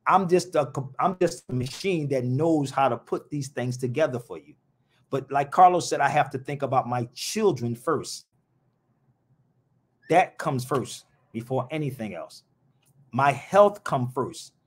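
Picture a man hosting a live stream, speaking at an everyday middle pitch. He talks in an impassioned, blunt way, rambling through his points with plenty of slang. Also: animated, a little slow, slightly rough. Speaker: live show host. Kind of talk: casual live-stream talk.

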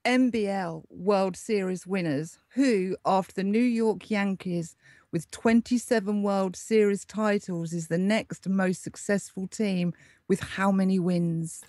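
A woman's voice: medium pitch, steady tone, a little slow, a little mellow, no echo, studio quality. A woman hosting a quiz segment in casual podcast chat, upbeat and encouraging. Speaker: quiz host.

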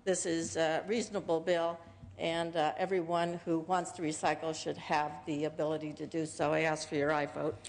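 A woman senator making formal floor remarks, somewhat halting and with fillers. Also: sits low, level tone, a little hiss or hum. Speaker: state senator. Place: large legislative chamber. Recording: chamber broadcast with long reverb.

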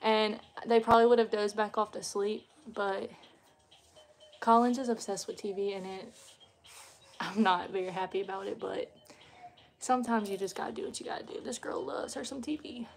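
A woman's voice: medium pitch, fairly even intonation, normal speed, gravelly. A young woman, chatting casually to her phone on a live stream from her home. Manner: chatty, folksy, laughs easily. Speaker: mom vlogger. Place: family home, indoors.

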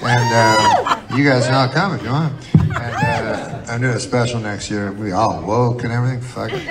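Deadpan gravelly man doing stand-up. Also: mid-range voice, fast. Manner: deadpan, rambling, profane. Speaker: stand-up comedian. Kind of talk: stand-up comedy set. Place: large live comedy venue. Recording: audience recording with loud crowd and noise. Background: crowd laughter.

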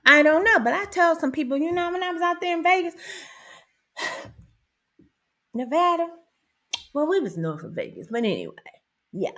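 A woman's voice: sits high, very animated, moderate pace, pauses often, sharp tone. A woman, hosting a casual monologue in a blunt, profane, emphatic way and laughing often. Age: 50s. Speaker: host.

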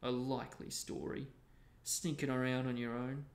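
A man's voice: medium pitch, flat delivery, very slow, a little mellow. A man reading a book aloud, voicing a suspicious, nasty old male caretaker who snarls and sneers. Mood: snarling. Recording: roomy echo.

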